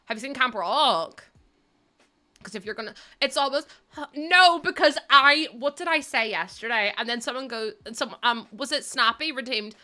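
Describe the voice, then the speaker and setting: A woman in her thirties streaming from her room at home, chatting to her viewers while she plays, giggly and animated. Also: on the high side, moderate pace. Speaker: livestreamer. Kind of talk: casual chat while gaming.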